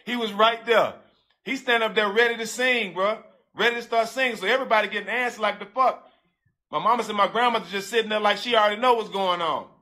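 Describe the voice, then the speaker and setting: A man's voice: sits high, sharp tone. A man telling a personal story in casual, profane street slang, talking straight to his listeners and repeating himself as emotion builds. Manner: emotional, breaks into halting repeats.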